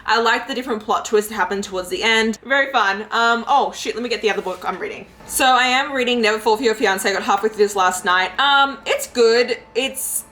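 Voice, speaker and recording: A young woman in her twenties, chatting casually to camera in a reading vlog with lots of fillers, her voice jumping high when she gets excited. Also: brisk, few pauses. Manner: chatty and giggly, lots of likes and ums, jumps into high pitch when excited. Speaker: book vlogger.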